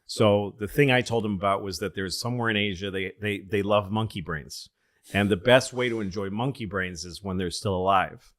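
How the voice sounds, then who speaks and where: Low-voiced man telling rambling stories. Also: normal speed, a bit bright, no echo, clean studio sound. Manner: rambling, profane, restarts sentences. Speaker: comedian, podcast host. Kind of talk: casual chat, storytelling.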